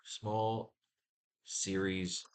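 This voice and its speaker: A man's voice: low voice, level tone, extremely slow. A man running a casual comics writing class, thinking aloud and testing lines of dialogue, swearing freely and muttering to himself.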